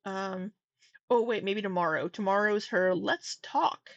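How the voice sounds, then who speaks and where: A woman's voice: medium pitch, unhurried, a bit bright, no echo, dull audio. A woman hosting a casual livestream, talking candidly, swearing now and then and getting exasperated. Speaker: livestream commentary host.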